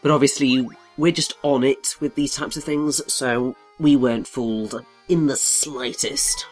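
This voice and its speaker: A man's voice: medium pitch, steady tone, a little slow, faint music behind. A man chatting casually as a game co-commentator, explaining things at rambling length.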